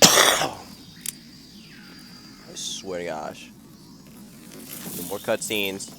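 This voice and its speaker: Excitable young man playing a game. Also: low-pitched, extremely slow, gravelly, noisy background. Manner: excitable, exclaims and laughs at the game. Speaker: gaming channel host. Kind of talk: casual let's-play commentary.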